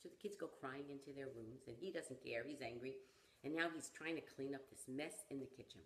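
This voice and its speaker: A low-pitched woman recounts a story in conversation, bringing the people in it to life with expressive delivery. As a parenting teacher, she speaks in a deep, grounded tone. The room adds a noticeable echo around her voice. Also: a little fast. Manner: animated storyteller who acts out the people in her stories. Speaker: parenting educator. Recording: roomy echo.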